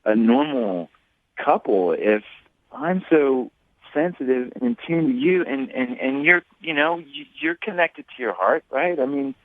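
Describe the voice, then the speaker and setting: Halting man on a tinny phone line. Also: mid-range voice, animated, no echo. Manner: halting, full of restarts and fillers. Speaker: caller. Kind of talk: phone call on a radio show.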